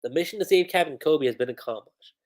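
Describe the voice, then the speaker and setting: A woman voicing an old, gruff male navy vice admiral who gives orders in a matter-of-fact way. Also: sits low, lively intonation, fast talker, a little mellow. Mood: commanding.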